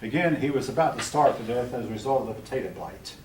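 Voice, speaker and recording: A man's voice: mid-range voice, lively intonation, quick pace, far from the mic. Older male history teacher, blunt and opinionated, recorded from across a roomy classroom with faint hum. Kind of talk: classroom lecture.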